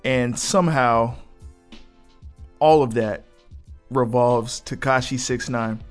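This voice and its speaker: A man's voice: medium pitch, slow pace, soft background music. A man hosting a solo podcast, chatting casually and with amusement as he recounts gossip. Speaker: podcast host.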